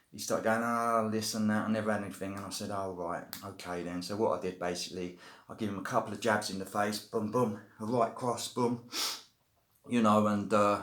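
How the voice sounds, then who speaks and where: A middle-aged man with a British accent recounts a story in a loose, rambling vlog style, leaning on fillers like "you know" and "basically". His voice sits low, and the sound bounces around an echoey room. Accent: British English. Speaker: vlogger telling prison stories. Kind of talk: casual storytelling to camera.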